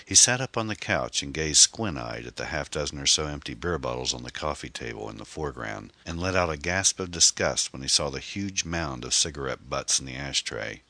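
Very deep-voiced male audiobook narrator. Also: animated, brisk, vocal fry, few pauses, bright, forceful tone.

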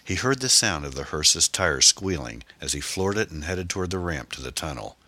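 Very deep-voiced male audiobook narrator. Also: animated, moderate pace, sharp tone, dry recording.

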